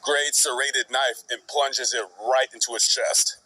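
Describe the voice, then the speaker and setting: A man's voice: mid-range voice, steady tone, measured pace, background noise. A man casually narrating a true crime story in a dramatic, conversational way with asides. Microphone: played from a video being reacted to.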